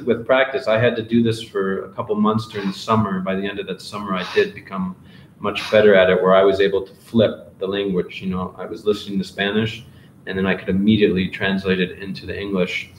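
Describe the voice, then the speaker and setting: A man teaches a live online English class, reading out questions and answering them in a relaxed, encouraging way. His voice sits low. The room around him is echoey, with faint hiss in the background. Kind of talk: live Q&A office hours.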